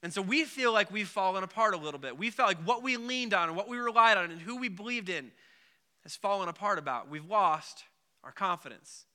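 A man's voice: sits high, expressive, fairly quick, pushed and bright. A man preaching a casual sermon, talking in a loose conversational way with many filler words and acting out the voices in the story. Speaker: pastor.

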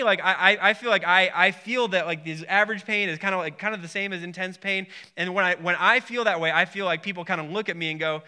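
High bright-voiced guy preaching, stumbles and repeats himself a lot. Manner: rambling, repeats words and restarts often. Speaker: pastor. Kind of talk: sermon.

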